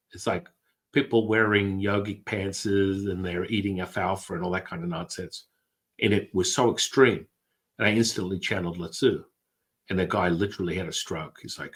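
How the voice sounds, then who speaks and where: A middle-aged man, a guest, telling stories with excitable energy and casual swearing. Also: deep voice, moderate pace. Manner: excitable, swears, acts out quotes in other voices. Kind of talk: animated storytelling.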